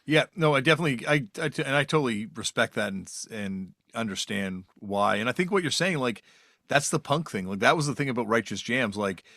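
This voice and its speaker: A man's voice: mid-range voice, lively intonation, a little fast, sharp tone, dry recording, studio quality. A Canadian man hosting a podcast, chatting casually and enthusiastically with an old friend about punk shows. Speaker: podcast host. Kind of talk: casual interview chat.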